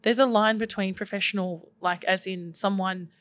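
Animated woman co-hosting a casual podcast. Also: medium pitch, moderate pace, no echo. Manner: animated, acts out quoted examples. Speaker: podcast co-host. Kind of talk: casual conversational chat.

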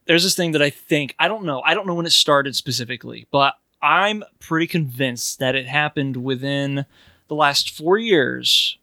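A man with a high, bright voice chats casually on a podcast, cracking jokes and laughing often. The sound is dry and close, with little room around it. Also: normal speed, no room sound. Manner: jokey, laughs often, wry asides. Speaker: podcast co-host. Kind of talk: casual chat.

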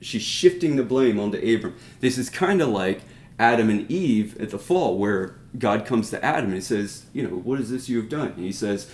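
A man's voice: medium pitch, expressive, normal speed, darkish tone. A man giving a conversational Bible teaching in an earnest, explanatory way, often circling back and asking his listeners to notice a point. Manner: earnest, explanatory, with frequent restarts and rhetorical asides. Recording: roomy echo.

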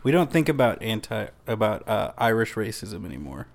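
A man co-hosting a casual movie podcast, rambling through jokes and a quick plot summary. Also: lowish voice, big pitch swings, creaky. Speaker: podcast co-host.

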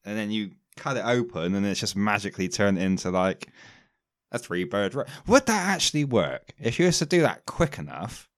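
A man's voice: lowish voice, sing-song, moderate pace, no room sound, studio quality. A man with a British accent hosting a podcast, chatting casually and rambling through jokes with his friends. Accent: British English. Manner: rambling, joking banter. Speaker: podcast host. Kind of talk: casual chat.

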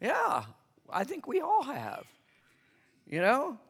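Preaching in a church hall with a long reverb, a male pastor speaks conversationally and calls on the congregation to answer him. His very high, slightly rough, somewhat bright voice swoops wildly in pitch, moving slowly with creak and frequent pauses.

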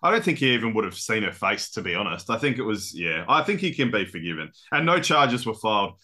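Upbeat male co-host, bright tone, lots of pitch movement, casual banter. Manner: animated, quick to laugh. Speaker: podcast co-host. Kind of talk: casual chat.

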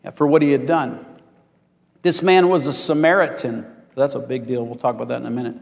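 A man's voice: mid-range voice, steady tone, a little fast, gravelly, long reverb tail. A male pastor preaching a sermon in a folksy way, asking for amens from the congregation.

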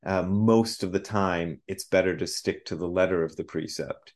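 Low-pitched male guest in his fifties, a Zen priest who talks in halting, self-correcting bursts and laughs easily. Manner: halting, repeats words, laughs often. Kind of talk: casual interview talk.

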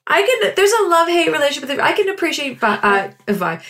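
A woman co-hosting a podcast in casual chat, chatty and quick to giggle. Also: high-pitched, very animated, a bit bright. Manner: giggly and chatty, breaks into laughter. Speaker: podcast co-host.

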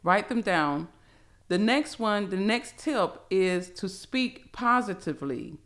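Slow-talking woman pastor. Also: mid-range voice, lively intonation, a bit bright. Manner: slow, deliberate, earnest. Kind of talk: podcast Bible teaching.

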